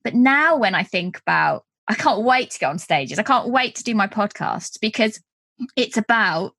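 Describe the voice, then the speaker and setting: A woman hosts a podcast in an earnest, reflective tone at a middle pitch. Her voice sounds close and dry, with no room echo. She shares her thoughts thoughtfully as she talks. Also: lively intonation, moderate pace, gravelly, a bit bright. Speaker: podcast host. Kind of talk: casual chat.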